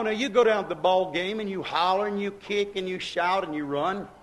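A man preaching a sermon as pastor, swinging from quiet asides to shouted exclamations in a repetitive, emphatic cadence. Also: sits high, poor audio. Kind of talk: Pentecostal-style sermon.

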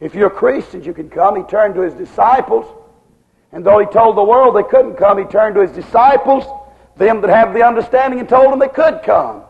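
A man preaching with a high, gravelly voice, his sermon rolling in rhythmic waves of repeated rhetorical questions. The sound is muffled, and a long reverb from a church hall trails after each phrase. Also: moderate pace.

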